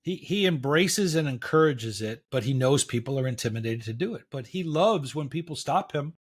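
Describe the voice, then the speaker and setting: A middle-aged man, a podcast guest, telling a story in a casual, animated way and acting out what people said. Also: mid-range voice, moderate pace, slightly rough. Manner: animated storyteller, acts out quotes, says "da, da, da".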